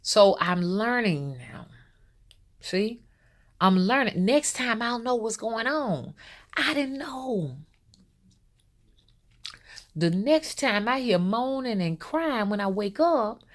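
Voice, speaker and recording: A woman tells a rambling, personal story straight to her viewers. She talks casually and keeps calling out to her audience as a spiritual rootworker. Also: medium pitch. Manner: loose, storytelling, addresses viewers as y'all. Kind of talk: casual spoken monologue to viewers.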